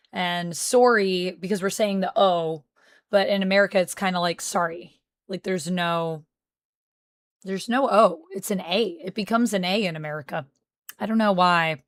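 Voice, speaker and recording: Canadian woman, mid-pitched, casual streamer banter answering chat, dry close recording. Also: a bit bright, no echo. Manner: chatty, reads chat messages aloud and answers them.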